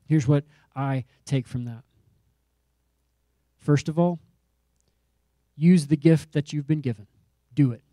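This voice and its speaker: Male pastor, sermon delivery, emphatic and repetitive, warm tone, dry close mic. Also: a little high, takes it slowly, long pauses, dry recording. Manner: emphatic preaching with repeated phrases and rising calls.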